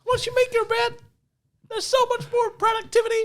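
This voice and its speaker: A man putting on a squeaky, girlish high voice for a preachy male pundit impression. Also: completely flat delivery, a little fast, a bit bright.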